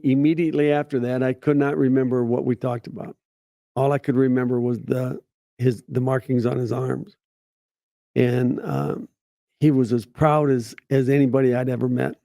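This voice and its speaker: Gravelly, dark-voiced storytelling man. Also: medium pitch, no echo, studio quality. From United States. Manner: halting, many restarts and repeated words; acts out quoted voices in his stories. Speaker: veterans advocate. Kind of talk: personal storytelling.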